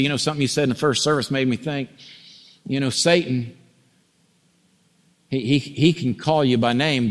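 A male pastor delivering a sermon, swinging from loud, rising climaxes down to quiet, low passages. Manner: preaching that builds to loud, rising climaxes then drops low. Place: large church sanctuary. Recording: long hall reverb.

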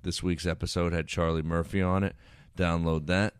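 Man, comedian guest, wisecracking, crude humor, very low voice, dry close mic. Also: little pitch movement, normal speed, clear, resonant tone, dry recording. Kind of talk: casual podcast chat.

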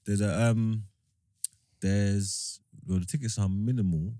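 A man's voice: lowish voice, steady tone, a little slow, warm tone, no room sound, studio quality. A man, a podcast host telling stories in casual, slang-heavy chat with friends. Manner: laid-back slang-heavy banter, laughing.

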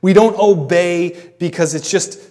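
A man preaching a sermon in a conversational way, explaining as he goes with pauses and restarts. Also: high voice, a little mellow, long reverb tail. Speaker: pastor.

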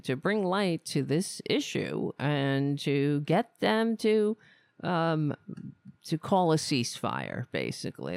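A woman's voice: deep voice, vocal fry, dry recording, clean studio sound. A woman hosting a live political commentary stream, ranting with scorn and stumbling over her words.

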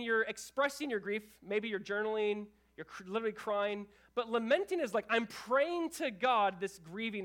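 A man with a notably high voice delivers a sermon as pastor. His talk is earnest and casual, full of restarts and "like"s. He moves between hushed, low stretches and raised, emphatic ones. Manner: earnest, conversational preaching with many restarts and "like"s.

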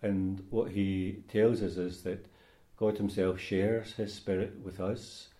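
A priest reading scripture at Mass and then giving a homily in a measured, unhurried way, with some hesitations. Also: male voice, low voice, little pitch movement, warm tone. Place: church. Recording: roomy church echo.

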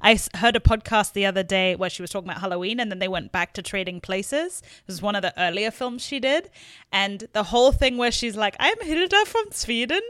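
A woman's voice: mid-range voice, a little fast, a bit bright, clean tone, dry recording, clean studio sound. A young adult woman co-hosting a podcast, chatting with enthusiasm about favorite films. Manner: enthusiastic, gushing. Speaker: podcast co-host. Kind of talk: casual chat about movies.

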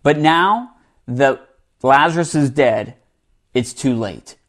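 A man preaching a sermon in a conversational way, reading scripture and dropping to a hushed voice for emphasis. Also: medium pitch, animated, takes it slowly. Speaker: pastor.

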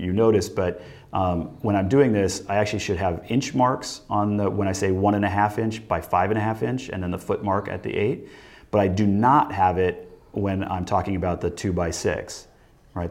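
A man teaching a recorded lesson, explaining step by step in a relaxed way and thinking aloud with many fillers and restarts. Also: low voice. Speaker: instructor. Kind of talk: recorded lecture walkthrough.

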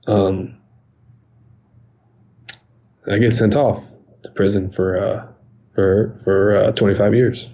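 A man in his forties recounting his own story in an interview, halting and repeating words, often pausing. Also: on the low side, dark tone, dull audio. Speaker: interview guest. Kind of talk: emotional personal account.

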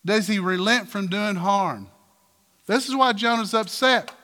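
A man preaching a sermon in a church, animated, firing rhetorical questions and acting out quotes. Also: high voice, unhurried, long reverb tail. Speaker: pastor.

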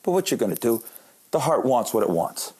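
A man in his late thirties tells comic stories about his life, joking at his own expense. His voice is husky and a bit breathy, at an ordinary male pitch. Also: big pitch swings, a little fast, darkish tone. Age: late 30s. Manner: joking, self-deprecating. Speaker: comedian. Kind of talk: comic storytelling monologue.

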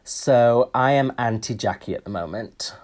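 A man's voice: mid-range voice, moderate pace, a little mellow. A man co-hosting a podcast in casual chat, wry and chatty with frequent ums. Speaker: podcast co-host.

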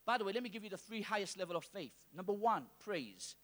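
Guy preaching in church, real high pitched, bright and sharp, gets loud then drops soft. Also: animated, fast. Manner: call-and-response preaching, swings from soft to shouting. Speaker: pastor. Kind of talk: sermon. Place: church hall with congregation.

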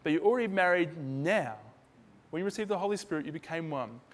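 A man preaching with a slightly high voice, chatty and informal, slipping into quick acted-out voices for the people in his examples. His words ring out with a long reverb, as in a big church hall. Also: lively intonation. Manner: conversational, acts out dialogue with shifting voices. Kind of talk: sermon.

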